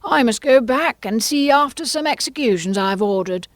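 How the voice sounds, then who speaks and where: A woman playing a shouting, savage storybook queen. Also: fairly high pitch, lively intonation, normal speed, no echo, natural voice. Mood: imperious. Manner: shouting, imperious. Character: savage, bad-tempered shouting female queen. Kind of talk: audiobook character reading.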